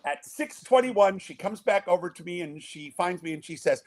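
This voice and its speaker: An older man with a notably high speaking voice tells a rambling podcast story. He acts out each quoted line as he goes. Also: normal speed. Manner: animated storyteller acting out quotes. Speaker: guest, father of the groom.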